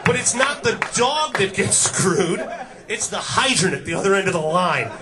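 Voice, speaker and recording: A man's voice: high-pitched, animated, normal speed, over music. A young man performing a stand-up comedy set, delivering crude, sardonic punchlines and putting on mock voices. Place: comedy club stage. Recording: club set with loud crowd laughter. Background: audience laughing.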